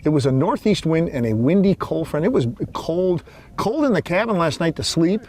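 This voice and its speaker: A man's voice: fairly high pitch, animated, moderate pace, darkish tone, a little hiss or hum. A man hosting a fishing show from a boat, folksy and enthusiastic, talking to viewers as folks. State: out of breath after lifting fish. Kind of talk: outdoor fishing show banter. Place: on a boat out on a lake.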